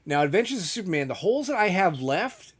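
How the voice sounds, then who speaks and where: A middle-aged man chats casually as a show co-host, spinning a long, meandering anecdote. His voice sits a little on the high side, and he slips into the other people's lines as he retells them. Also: sing-song, quick pace, slightly rough. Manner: rambling storyteller, acts out quotes. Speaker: podcast co-host. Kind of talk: casual chat.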